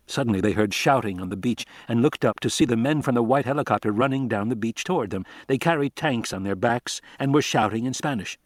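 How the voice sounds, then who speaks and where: A man narrating an audiobook in a steady, measured reading voice, recorded close to the mic. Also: mid-range voice, dry recording. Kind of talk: scripted narration.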